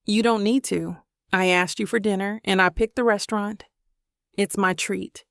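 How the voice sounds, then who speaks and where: A woman's voice: medium pitch, fairly even intonation, moderate pace, vocal fry, no room sound, studio quality, natural voice. A woman voicing a confident, wealthy young man who likes to spoil his date, in a romance audiobook. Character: confident wealthy young businessman, smooth charmer.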